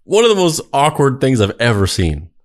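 A man hosting a podcast who gives wry, deliberate commentary and then reads scripted narration. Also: mid-range voice, very animated.

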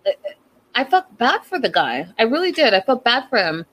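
A woman's voice: fairly high pitch, normal speed, rough recording. Chatty woman recapping reality TV. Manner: animated, incredulous, gossipy. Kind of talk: casual chatty commentary.

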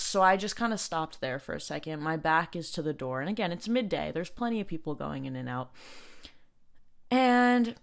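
A young woman recounting a story on her podcast, her voice sitting a little low for a woman. She talks casually, stacking up fillers and restarting her sentences as she goes. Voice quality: heavy use of filler "like", halting restarts. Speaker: podcast host.

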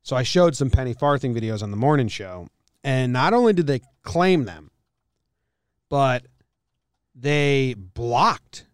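A man talks into a close studio mic on his podcast, rambling and relaxed and laughing often. His voice is smooth and clear, and the sound is dry with no room around it. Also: medium pitch, a little slow, long pauses, dry recording. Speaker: podcast host. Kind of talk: casual chat.

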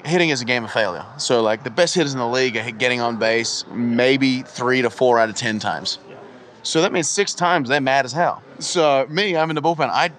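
Fast-talking Australian man, brash and joking. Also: medium pitch, fairly bright tone. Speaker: professional baseball pitcher. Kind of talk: casual interview.

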